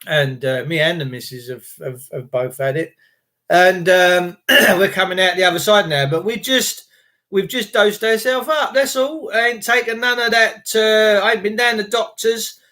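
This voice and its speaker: A middle-aged man hosting a casual live stream, greeting viewers by name, his voice worn from a recent flu and broken by throat clearing. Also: sits high, moderate pace, bright, forceful tone. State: recovering from flu, voice cracking. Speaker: livestream host.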